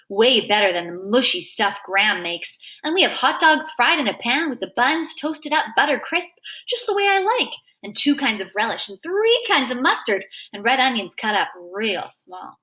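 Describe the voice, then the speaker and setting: Audiobook reader: woman, bright higher voice, lively animated narration. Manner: animated first-person narration. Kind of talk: reading a novel aloud.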